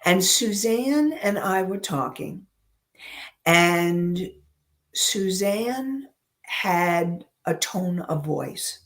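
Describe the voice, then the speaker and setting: Slow calm lady coach walking thru a lesson, kinda low voice, lots of pauses. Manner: slow, deliberate, with pauses and personal examples. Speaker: emotional intelligence coach. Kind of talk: teaching talk.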